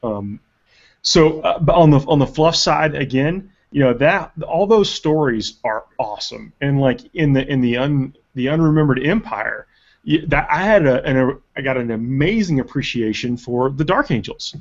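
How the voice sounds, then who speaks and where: A man hosting a casual live webcast chat and reading viewer questions, animated and rambling with restarts. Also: mid-range voice, normal speed, muffled recording. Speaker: webcast host.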